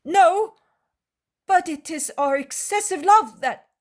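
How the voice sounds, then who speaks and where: A woman's voice: very high voice, slow, darkish tone, voice pushed up. A woman voicing a young male apostle who presses with eager, insistent questions in a dramatized audiobook. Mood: defensive. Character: prying, anxious male apostle, young man.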